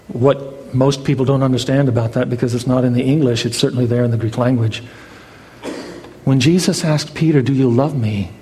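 A man's voice: medium pitch, a little mellow. A male pastor preaching a sermon, dramatic, his voice climbing as he voices the exchange between Jesus and Peter. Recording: long hall reverb.

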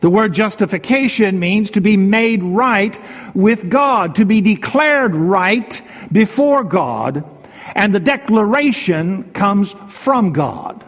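A man preaching a sermon as a pastor, measured and repetitive, leaning on slow emphatic phrases. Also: sits high, animated. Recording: long hall reverb.

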